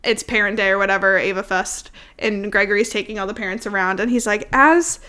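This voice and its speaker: A woman co-hosting a podcast in casual, animated chat, swearing freely and acting out quotes. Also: medium pitch, fairly quick, smooth. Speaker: podcast co-host.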